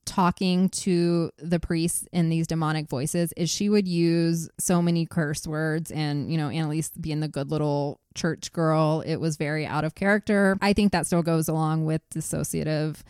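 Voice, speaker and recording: A woman's voice: low-pitched, fairly even intonation, normal speed, hardly any pauses, darkish tone, clean tone, no echo, studio quality. A woman hosting a casual true-crime podcast, telling the story and laughing often with her co-host.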